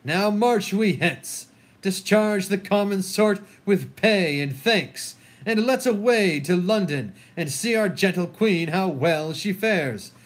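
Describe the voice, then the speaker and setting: Guy reading victorious king barking orders, slow-ish, highish voice. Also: expressive, exaggerated voice. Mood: commanding. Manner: giving orders, brisk. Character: commanding victorious king, a man. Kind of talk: solo dramatic reading of a play.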